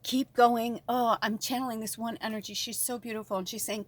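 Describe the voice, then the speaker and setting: A woman's voice: on the high side, fairly even intonation, a little fast, hardly any pauses, dry recording. A woman giving an emotional spiritual card reading, speaking straight to her viewers with a gushing manner. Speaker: tarot reader.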